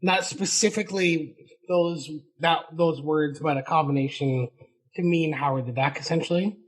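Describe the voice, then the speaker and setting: Rambling, higher-pitched man. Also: normal speed, husky, poor audio. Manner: rambling storyteller, laughs often. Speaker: podcast host. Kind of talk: casual podcast chat.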